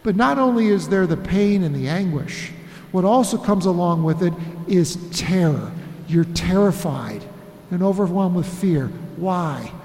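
A high-pitched male pastor delivers an emphatic sermon, leaning on repeated phrases and slow, weighty pauses. His voice rings through a large church hall with a long, echoing reverb. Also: lively intonation, a little mellow.

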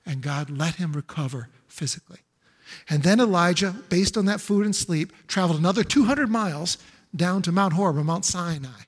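A man's voice: high voice, moderate pace, husky. A male pastor preaching a sermon in an emphatic, repetitive way, full of rhetorical questions. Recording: echoey hall with long reverb.

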